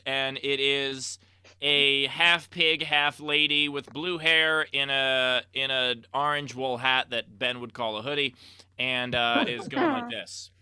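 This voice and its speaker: A man's voice: fairly high pitch, a little slow, bright, forceful tone, clean tone, dry recording, studio quality. A man co-hosting a casual comedy show over a video call, reading out viewer tips and messages with self-mocking jokes. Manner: joking, self-mocking, reads donor messages aloud.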